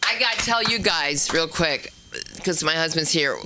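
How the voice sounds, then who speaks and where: Excited woman gushing from the crowd, noisy and off-mic. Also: low voice, moderate pace.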